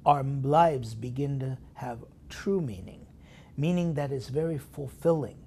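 A male priest delivers a weekly sermon with a gravelly edge and a dark, mellow tone. He leans hard on key words, then sinks into soft whispered asides, asking his listeners questions directly. A faint low rumble sits under his voice. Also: unhurried. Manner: emphatic, swinging between loud stresses and hushed whispered asides; talks straight to listeners with rhetorical questions. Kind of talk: sermon meditation broadcast.

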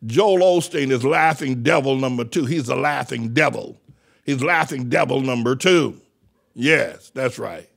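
An older man preaching a fiery sermon as pastor, shouting, mocking and repeating phrases over and over. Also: medium pitch, a little slow, gravelly, breathy edge. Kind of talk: fiery street-style sermon.

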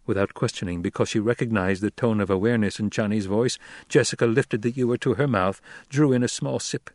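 A man narrating an audiobook in a measured storytelling voice on a close mic. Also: fairly low pitch, a little mellow, no room sound. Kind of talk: scripted narration.

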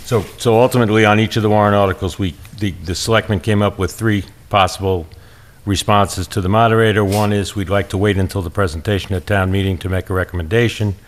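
A deep-voiced man runs a local board meeting, moving through the agenda in measured, procedural steps. He often pauses on "uh" while he finds his words. The recording picks him up a little off-mic, with faint noise in the room. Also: fairly even intonation. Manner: measured, procedural, with frequent fillers. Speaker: board chair. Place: town hall meeting room.

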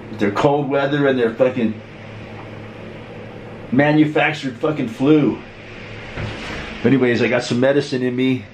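A middle-aged man with the flu and a sore throat, rambling and complaining in a profane casual monologue to camera. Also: medium pitch. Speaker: vlogger. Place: cold room with frozen windows. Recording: roomy echo with faint noise.

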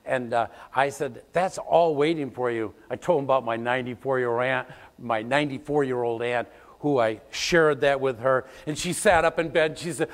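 An older man, a pastor, preaching a sermon, telling stories and breaking into loud snippets of old songs. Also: medium pitch, normal speed. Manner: storytelling, animated, bursts into loud sung song snippets. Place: church sanctuary. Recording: long church hall reverb.

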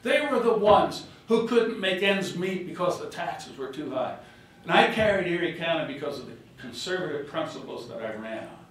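A man's voice: high voice, far from the mic, slight background noise. Older man giving an echoey ballroom speech. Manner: storytelling, animated, acts out quotes. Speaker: former governor giving a speech. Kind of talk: political speech with anecdotes. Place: hotel ballroom reception.

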